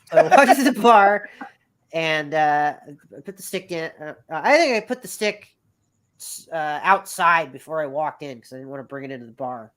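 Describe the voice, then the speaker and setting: A man's voice: fairly high pitch, sing-song, moderate pace, a bit bright. A man in his thirties telling a long personal story as a podcast guest, rambling and swearing freely. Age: 30s. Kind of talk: casual storytelling.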